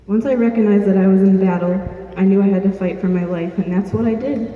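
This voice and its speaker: Young woman, earnest storyteller, flat delivery; dull, distant recording with heavy room echo. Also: medium pitch, fast, few pauses. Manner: earnest, plain-spoken, with small restarts. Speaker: speaker telling her own story. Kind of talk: personal storytelling to an audience. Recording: distant, dull-sounding mic in an echoey hall.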